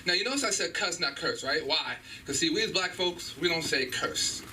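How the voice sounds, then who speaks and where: A middle-aged man doing a stand-up set in a small comedy club, animated and profane as he acts out loud voices. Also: fairly high pitch, moderate pace, recorded from a distance, a little hiss or hum, poor audio. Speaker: stand-up comedian at an open mic.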